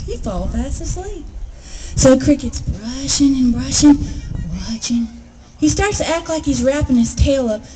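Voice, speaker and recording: High-voiced lively woman storyteller. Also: noisy background. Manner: lively and expressive, with sound effects. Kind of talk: oral folk tale storytelling.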